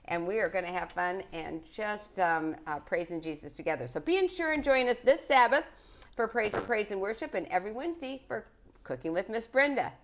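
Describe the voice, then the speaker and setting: A middle-aged woman with a medium-pitched voice, lively intonation and a brisk pace hosts a live home cooking program, with slight background noise. She chats cheerfully with kids and viewers in her living room.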